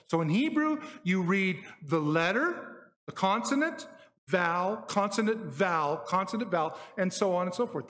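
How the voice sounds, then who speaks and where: A man with a fairly high voice teaches scripture in a loose, conversational way, stopping often to check that his listeners are following. His voice rings out with a long hall reverb around it. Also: a bit bright. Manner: explanatory, conversational, frequent "okay?" check-ins. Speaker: Bible teacher. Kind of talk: Bible teaching on Hebrew words.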